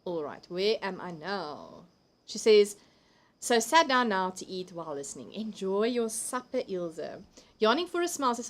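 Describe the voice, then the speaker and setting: A woman's voice: medium pitch, expressive, normal speed. A South African woman hosting a live crafting stream from home, chatting casually, laughing often and reading viewer comments aloud. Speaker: livestream host.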